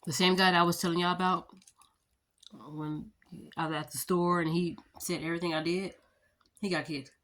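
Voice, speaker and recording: A woman's voice: on the low side, fairly even intonation, normal speed, pauses often, a bit bright, slight background noise. A woman in her thirties chatting casually to her viewers, rambling through storytime anecdotes and addressing them as y'all. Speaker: vlogger.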